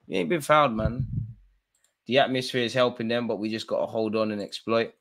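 A man in mid-range pitch commentates live on a football match as a fan host. He flips between loud outbursts at the players and the referee and low, muttered remarks. His delivery is casual and unscripted. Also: fairly quick, creaky. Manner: excitable, shouts encouragement and complaints at players and referee.

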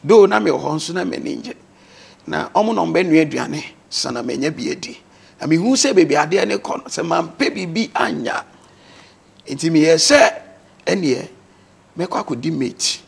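A man's voice: a little high, lively intonation, normal speed, vocal fry, breathy edge. A man with a Ghanaian accent, a guest on a talk show, earnestly telling his life story and mixing English words into his speech.

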